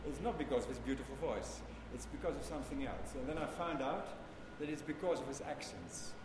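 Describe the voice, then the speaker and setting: A man leading a chant workshop who explains slowly and now and then sings short examples. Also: medium pitch, lively intonation. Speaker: chant teacher. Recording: echoey hall with background noise.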